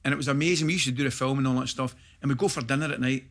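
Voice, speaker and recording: A middle-aged Scottish man, a former footballer, chatting as a podcast guest and telling stories with animated laughter. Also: mid-range voice, racing. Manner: animated storyteller, laughs through his stories. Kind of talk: casual podcast chat, anecdote telling.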